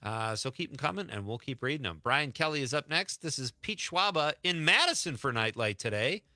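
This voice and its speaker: A man's voice: mid-range voice, animated, fairly quick, sharp tone, no room sound. A man hosting a radio show in a studio, chatting loosely with plenty of fillers. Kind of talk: casual radio talk. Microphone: studio mic.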